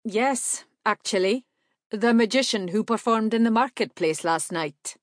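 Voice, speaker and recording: Brief: woman reading as a gracious, measured man from another world, raised pitch, dry read. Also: dry recording, close to an everyday voice. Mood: courteous. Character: courteous otherworldly male stranger.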